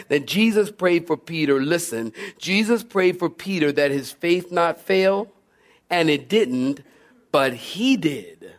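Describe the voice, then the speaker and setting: A male pastor preaching a sermon in a lively, playful way, acting out scenes. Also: fairly high pitch, a little slow.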